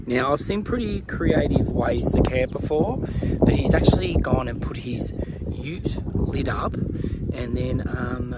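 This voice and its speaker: A man's voice: medium pitch, heavy background noise. A man with an Australian accent chatting casually to a handheld camera while camping in a van, laughing often and talking to his dog. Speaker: vlogger. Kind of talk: casual vlog chat. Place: camper van and campground.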